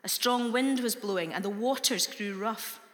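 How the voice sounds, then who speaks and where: A woman reads scripture aloud slowly and deliberately. Her voice is bright and ringing. A long reverb trails each phrase, as in a large hall. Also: medium pitch. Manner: slow, deliberate reading. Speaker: scripture reader.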